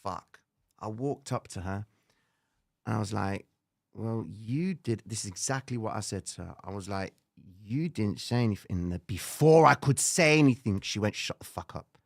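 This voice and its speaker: A man's voice: on the low side, moderate pace, creaky, no echo, clean studio sound. A young man tells a comic story with plenty of swearing, acting out the people in it. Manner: animated, swearing, acts out the people in his story.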